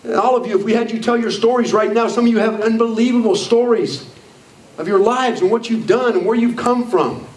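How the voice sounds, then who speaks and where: A man's voice: very high voice, a little fast, darkish tone. A man in his sixties giving a motivational speech to a live audience, blunt and emphatic. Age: 60s. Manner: blunt, emphatic, repeating "I don't care" and "you know what?". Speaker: motivational speaker. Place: meeting room with an audience. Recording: echoey room, voice far from the mic.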